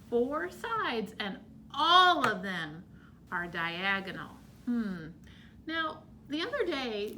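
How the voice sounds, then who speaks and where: A woman teacher guides young children through a shapes lesson, drawing out her words. Her voice is bright and slightly high. She speaks very slowly and with exaggerated emphasis. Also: slight background noise. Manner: slow, drawn-out, exaggerated for small kids.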